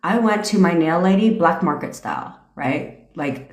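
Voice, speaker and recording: A woman's voice: lowish voice, animated, normal speed, echoey room. A woman hosting a casual live stream as a manifestation coach, ranting in a brash, profane way and laughing through her tangents.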